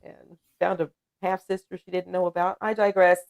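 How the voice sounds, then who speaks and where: A woman's voice: lowish voice, flat delivery, moderate pace, gravelly, a little mellow. A woman from the United States hosting a casual livestream chat, talking freely, laughing often and reading viewers' comments aloud. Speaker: livestream host.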